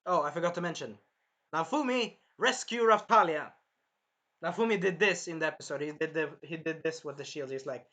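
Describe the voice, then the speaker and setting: A man recapping and reviewing an anime episode in a rambling, self-correcting way, with a sore throat that he keeps clearing, acting out the characters' lines. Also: fairly high pitch, animated, moderate pace, bright, forceful tone. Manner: rambling, jumps around and corrects himself, acts out characters' lines.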